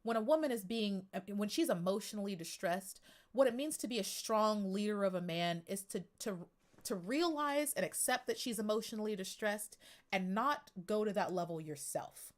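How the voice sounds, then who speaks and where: A woman hosts a casual podcast livestream in a middle-pitched voice. She talks in a chatty, emphatic way and speaks directly to viewers in the chat. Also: lively intonation, normal speed.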